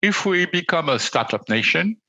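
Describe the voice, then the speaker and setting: A man with a French accent, French his first language, answering as a podcast guest in a hesitant way with many pauses and fillers. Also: a little high, big pitch swings, bright, forceful tone, dry recording, poor audio. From France. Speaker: magazine editor and awards judge.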